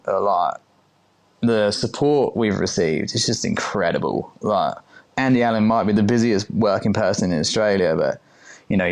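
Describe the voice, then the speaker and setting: A man in his thirties, a chef who is a guest on a podcast, talking casually, swearing easily and acting out what others said. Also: lowish voice. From United Kingdom. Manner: chatty, swears casually, acts out quoted speech. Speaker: chef and restaurant owner, guest. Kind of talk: casual interview chat.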